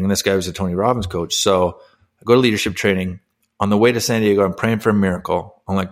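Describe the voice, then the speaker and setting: A man's voice: lowish voice, steady tone, quick pace. Candid man telling a hard story. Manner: candid and emotional, with many fillers like "like". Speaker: guest, former hockey player turned life coach. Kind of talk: personal storytelling in an interview.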